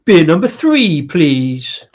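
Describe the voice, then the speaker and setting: A man's voice: on the high side, sing-song, slow pace, husky, muffled recording. A man hosting a casual live-stream beer review, rambling with lots of fillers and chuckles. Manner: rambling, with many fillers and laughs.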